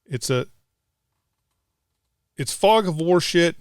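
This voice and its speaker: A man's voice: fairly high pitch, animated, slow pace, no echo, studio quality. A middle-aged man, a combat veteran guest, telling a war story in blunt, profane casual talk.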